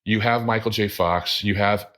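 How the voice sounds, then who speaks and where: Man, very low pitch, relaxed podcast co-host, loose rambling delivery. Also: moderate pace. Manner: rambling, self-correcting, drinking beer on air. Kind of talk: casual chat.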